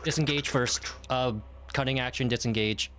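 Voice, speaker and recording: A man's voice: mid-range voice, steady tone, normal speed, a bit bright. A man playing in a tabletop game, chatty and laughing often, thinking aloud about his moves. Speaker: player. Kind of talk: casual tabletop play.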